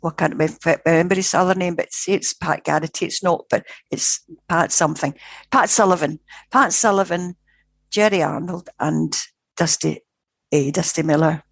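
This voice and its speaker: A woman's voice: on the low side, steady tone, moderate pace, gravelly, breathy edge, no room sound. An older woman, a guest researcher, telling a story in a vivid, dramatic way with frequent restarts. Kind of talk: conversational storytelling.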